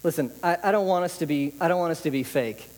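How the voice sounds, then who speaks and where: A man preaches a casual, conversational sermon, leaning on repeated phrases to drive points home. His voice sits a little high for a man. It rings out with the long reverb of a church hall. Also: fast, a little mellow. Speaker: pastor.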